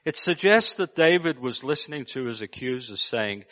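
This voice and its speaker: Man, Scouse accent, preacher, measured sermon delivery, dull lo-fi sound. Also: medium pitch, lively intonation, a bit bright. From Liverpool, England. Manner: measured, with rhetorical questions to the listener.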